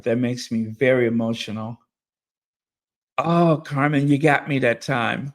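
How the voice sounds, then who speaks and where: A man hosting a live stream who reads out messages from his members and thanks each one. He speaks at an unhurried, drawn-out pace, and his voice sits at an ordinary middle pitch. He is openly emotional and effusive in his thanks. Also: steady tone. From United States. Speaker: channel host reading member messages. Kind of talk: live-stream chat reading.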